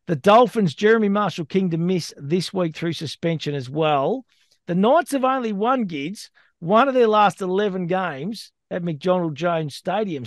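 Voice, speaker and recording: A man's voice: high voice, no room sound, studio quality. An Australian man co-hosting a sports betting podcast, reading out odds and stats in a chatty, matey way. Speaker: co-host.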